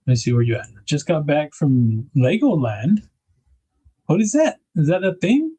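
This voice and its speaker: A chatty man in his thirties hosts a relaxed livestream, greeting viewers by name and laughing easily. His voice sits a little high for a man yet sounds mellow and somewhat husky. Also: moderate pace. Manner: chatty, reads viewer comments aloud, laughs often. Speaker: livestream host. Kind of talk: casual livestream chat.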